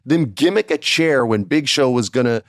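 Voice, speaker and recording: A man's voice: medium pitch, normal speed, no room sound, clean studio sound. A man from New Mexico in his forties, hosting a podcast and telling a backstage anecdote, acting out the people in it. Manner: animated, acts out quoted voices. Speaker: podcast host. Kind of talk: storytelling anecdote.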